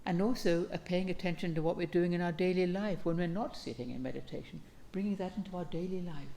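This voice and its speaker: Low, gravelly woman giving a calm dharma talk. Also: a little hiss or hum. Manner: calm, gentle, unhurried, with reflective pauses.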